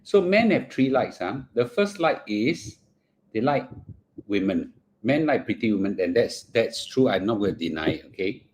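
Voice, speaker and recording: Lowish and a little mellow, the voice belongs to a middle-aged Singaporean man hosting a casual finance livestream at a normal, animated pace. He chats in Singlish with some Mandarin, murmurs between mouthfuls, and there's a slight hiss or hum on the recording.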